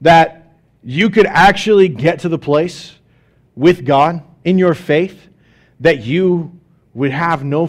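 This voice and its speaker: A pastor with a high voice for a man delivers a sermon in a chatty, animated way. He asks the congregation questions and acts out little scenes in quoted voices. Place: church sanctuary.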